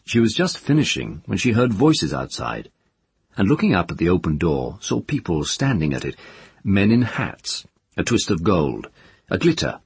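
A man narrating a novel in a measured, expressive reading. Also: deep voice, breathy edge, no room sound. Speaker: audiobook narrator. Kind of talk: scripted narration.

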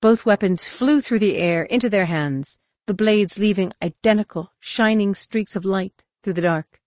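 A woman narrating a science-fiction audiobook in a measured, expressive reading on a close studio mic. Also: mid-range voice, no room sound. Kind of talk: scripted narration.

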